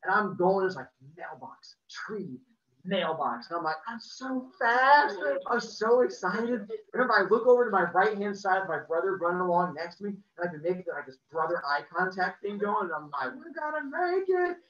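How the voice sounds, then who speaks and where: A man casually telling a personal story, acting out the people in it with lively energy. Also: high voice, brisk. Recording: roomy, distant, muffled video-call audio.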